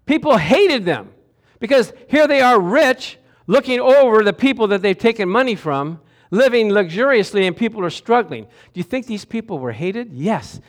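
High-voiced man preaching an animated sermon. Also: moderate pace. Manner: animated, calls out to the congregation for responses. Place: church sanctuary with a congregation.

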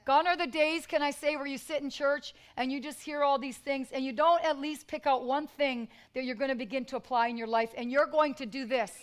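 A woman's voice: high-pitched, steady tone, brisk, hardly any pauses, poor audio. A woman preaching a sermon in church, emphatic and repetitive, calling out to the congregation.

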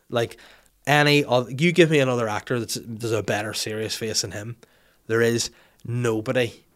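A man's voice: medium pitch, a bit bright. A man with a Northern Irish accent hosting a casual, joking, sweary chat. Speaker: podcast host.

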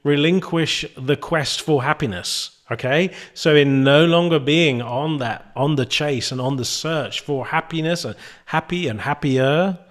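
A man, a coach hosting a podcast, thinking aloud in a slow, searching, soft-spoken way. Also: on the high side. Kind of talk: reflective interview talk.

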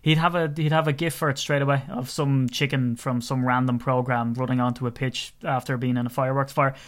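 A man's voice: mid-range voice, level tone, fairly quick. A young Irish man co-hosting a sports podcast, telling rambling stories and laughing often in casual chat. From Ireland. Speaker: podcast co-host.

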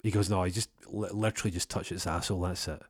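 A young man telling a rambling comic story, deadpan, acting out both sides of the conversation. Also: low-pitched, quick pace, breathy edge, dry recording, clean studio sound. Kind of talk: comic storytelling with acted-out dialogue.

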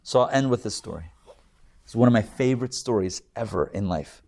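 A male rabbi giving a live Torah class, telling stories in an animated way with frequent restarts and small jokes. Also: lowish voice, brisk, vocal fry.

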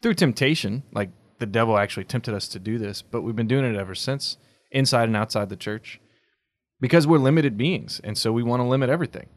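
A man co-hosting a podcast, speaking in a measured, reflective way, with dry jokes in between. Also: medium pitch, no echo. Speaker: podcast co-host. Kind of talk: casual chat.

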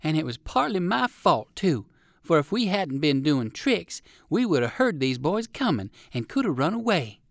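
A kindly old gentleman rabbit, as a male reader puts him on, fretting and fussing in old-fashioned storybook speech. The voice sits a little above the reader's own and moves about lively. It is close and dry, with no room around it. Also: a little high, moderate pace, vocal fry, no echo, pitched above the performer's own voice. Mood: worried.

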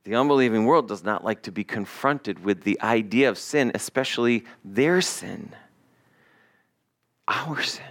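Speaking at a measured pace in a lowish voice, a male pastor delivers his sermon conversationally and with animation, adding asides directed at the congregation.

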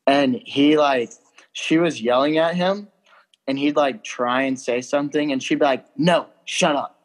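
A young man tells a bar story in an easygoing chat. His speech is loose and rambling, packed with fillers and casual swearing. His voice sits at an ordinary middle pitch. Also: fairly even intonation, normal speed.

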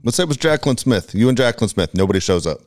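A man in casual banter, tossing in quick wisecracks and short questions. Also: lowish voice, expressive, a little mellow.

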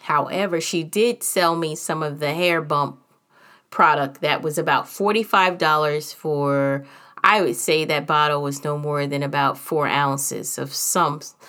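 A woman with a somewhat low-pitched voice tells a personal story in a loose, chatty way. She is candid and humorous, and her talk is full of casual fillers. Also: fairly even intonation, measured pace, fairly bright tone.

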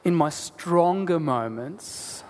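A man preaching a sermon as a pastor, earnest and deliberate, asking rhetorical questions. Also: fairly high pitch, expressive, darkish tone. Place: church. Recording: long church hall reverb.

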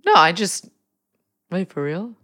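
A woman's voice: on the low side, big pitch swings, unhurried, a bit bright. Teasing skeptical podcast co-host woman. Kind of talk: joking podcast banter.

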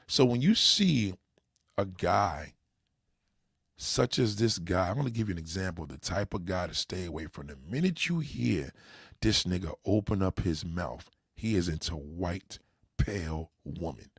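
A man's voice: low-pitched, lively intonation, a little slow, fairly bright tone, husky, no room sound, studio quality. A man with a New York accent hosting a livestream, talking emphatically and addressing his viewers directly. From New York City. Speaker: livestream host. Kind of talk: opinionated livestream rant.

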